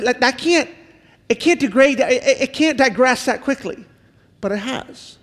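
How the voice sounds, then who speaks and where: A man's voice: extremely high pitch, long reverb tail. A middle-aged male pastor giving an earnest sermon, full of repeated pleading questions. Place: church sanctuary.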